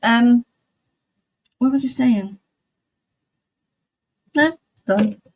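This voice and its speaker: A woman's voice: a little high, extremely slow. A woman live streamer chatting casually with her viewers, rambling and often laughing. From outside the United States.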